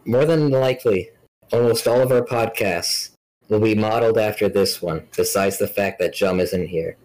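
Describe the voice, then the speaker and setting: A man's voice: fairly low pitch, normal speed, a little mellow, low-quality recording. A young man hosting a casual podcast, joking around and swearing freely. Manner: joking, swears a lot, mock outrage. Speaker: podcast host.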